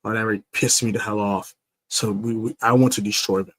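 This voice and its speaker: Rambling, low-voiced male fan host. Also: steady tone, fairly quick. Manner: rambling with many fillers and restarts, trash-talking. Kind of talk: casual postgame livestream talk. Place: stadium area after a game.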